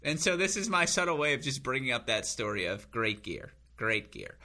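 A man co-hosting a podcast, telling rambling self-mocking stories with bursts of high laughter. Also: big pitch swings, normal speed, bright, forceful tone. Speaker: podcast co-host. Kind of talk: casual chat.

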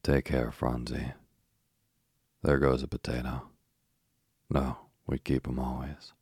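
A bustling, fond older girl from a storybook, as a man reads her in his own very deep, husky voice. She talks briskly and warmly to her little sister. The reading stays slow and close to the mic. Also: flat delivery, no echo, full character voice.

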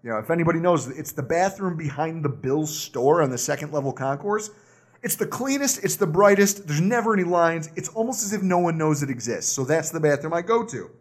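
A man with a high voice that swoops all over as he tells a story in an exasperated, animated way. He sounds like a podcast co-host in casual banter. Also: a little fast.

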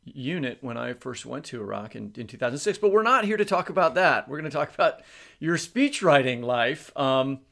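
A man's voice: mid-range voice, expressive, normal speed, gravelly, fairly bright tone. A man co-hosting an interview podcast, asking long questions and joking with his guests. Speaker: podcast co-host. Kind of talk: conversational interview.

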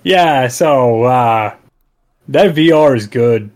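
A man co-hosting a podcast, excitable and profane, acting out scenes in casual chat. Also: medium pitch, slow pace. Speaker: podcast co-host.

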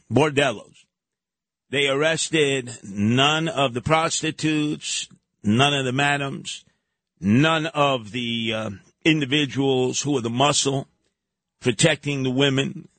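A man's voice: medium pitch, a bit bright, no echo. A man hosting a talk radio show, giving combative, sarcastic commentary. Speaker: radio host.

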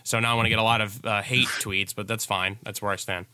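Brief: Midwestern-accented man, low and flat delivery, bright crisp tone. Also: fast talker, dry recording. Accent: Midwestern American. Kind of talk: casual chat.

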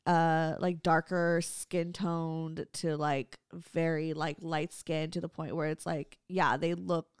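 A woman hosts a podcast in a fairly low voice, chatting casually and laughing often. She swears offhandedly. The recording is dry and close. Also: flat delivery, takes it slowly, hardly any pauses, clear, resonant tone, no room sound. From Filipino heritage. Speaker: podcast host. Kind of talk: casual chat.

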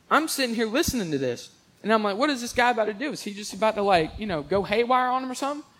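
A young man telling rambling, animated stories in a casual monologue, mixing jokes with religious asides. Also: sits high.

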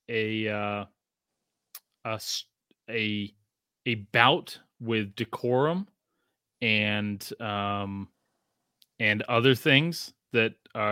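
A man's voice: medium pitch, bright, forceful tone, clear, resonant tone, no echo, clean studio sound. A man who grew up in Australia hosts a podcast in a casual chat, rambling through stories with lots of fillers and restarts. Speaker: podcast host.

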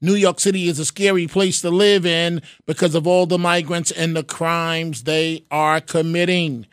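A man's voice: a little high, flat delivery, moderate pace, a bit bright, clear, resonant tone, no echo, clean studio sound. A man hosting a call-in radio show, talking frankly and directly to callers by name. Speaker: radio talk show host. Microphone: studio microphone.

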